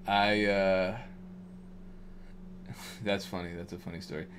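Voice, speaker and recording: A deep-voiced man from Wisconsin, talking loosely and jokingly as a producer on a live stream. He rambles and restarts his sentences often, and a faint hiss sits under his voice. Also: flat delivery, takes it slowly. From Madison, Wisconsin. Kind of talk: casual livestream chat.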